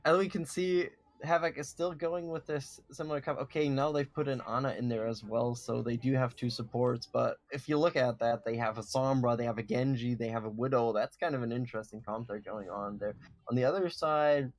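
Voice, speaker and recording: A man casting an esports match, giving measured, analytical play-by-play and breaking down team compositions. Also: mid-range voice, steady tone. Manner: measured analytical commentary with some fillers. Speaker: esports caster.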